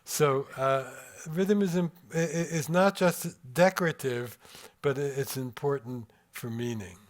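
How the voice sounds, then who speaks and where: An older man giving a lecture to a live audience in a room, reflective and measured, pausing to weigh his words and reading passages aloud. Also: medium pitch. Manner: measured, reflective, pausing over word rhythm.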